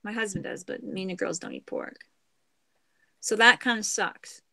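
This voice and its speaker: A middle-aged woman from Canada chatting casually on a craft livestream, meandering and trailing off into soft murmurs. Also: medium pitch, fairly even intonation, moderate pace, creaky, no echo.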